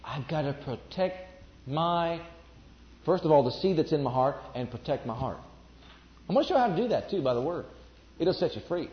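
A man's voice: a little high, expressive, moderate pace, pauses often. A man preaching a sermon to a congregation, emphatic and repeating his declarations. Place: church before a congregation. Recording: echoey, dull lo-fi recording.

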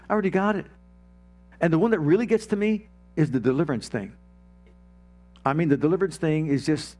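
A man delivering a sermon in a slightly higher-pitched voice. He builds emphatic, repetitive declarations, and he slows down and sinks low to stress a point. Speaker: preacher.

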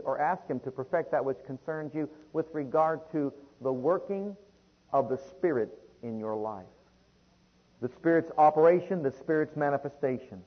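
A man's voice: on the high side, moderate pace, husky, muffled recording. A man preaching a sermon, reading long scripture passages aloud and calling out to his listeners. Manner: reads scripture in King James wording, calls listeners beloved.

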